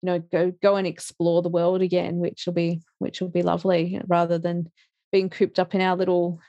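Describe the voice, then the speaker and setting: A woman's voice: fairly low pitch, completely flat delivery, normal speed, warm tone, dry recording, dull audio. A middle-aged woman, chatting casually as an interview guest, laughing often and restarting her sentences. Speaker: interview guest, life coach.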